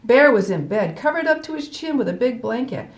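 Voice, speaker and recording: An older woman reading a folk tale aloud as storyteller host, animated with playful asides. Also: on the high side, a little fast. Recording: roomy echo.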